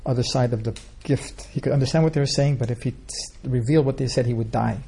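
A man with a low, mellow, gravelly voice answers questions at a religious gathering. He rambles through scripture stories with many restarts and fillers. Faint ambience sits behind him. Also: fast talker, a little hiss or hum. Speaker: spiritual teacher answering questions. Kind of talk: informal religious Q&A talk.

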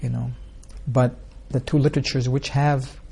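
A man's voice: mid-range voice, little pitch movement, normal speed, creaky, darkish tone, slightly rough. A man teaching an informal scripture class, telling stories in a rambling way and asking the listeners rhetorical questions. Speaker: spiritual teacher.

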